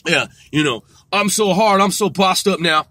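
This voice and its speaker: A man's voice: high-pitched, normal speed, pushed and bright, no echo. A man mocking a boastful male rapper who rambles on to sound hard, in a sing-song drawl.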